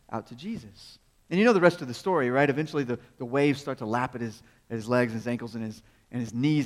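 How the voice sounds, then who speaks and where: A man preaching a sermon in a conversational, storytelling way, asking rhetorical questions and chuckling as he goes. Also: medium pitch. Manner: chuckles often while speaking. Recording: long reverb of a large hall.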